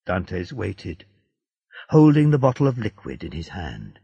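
A man narrating a story in a slow, deliberate storybook reading. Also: sits low, wildly swooping pitch. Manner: slow, gravelly, dark-toned reading. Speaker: audiobook narrator. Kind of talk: scripted narration of a graded reader. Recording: dull lo-fi dry recording.

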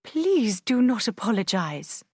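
Woman reading as calm gracious mother, gentle and measured, dry sound. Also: mid-range voice, breathy edge, no echo.

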